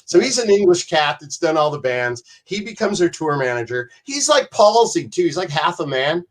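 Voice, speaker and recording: A man's voice: a little high, big pitch swings, normal speed. A man guest telling rambling, profane backstage stories and acting out other people's lines. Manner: profane, rambling, acts out quoted voices. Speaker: podcast guest. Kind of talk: animated storytelling.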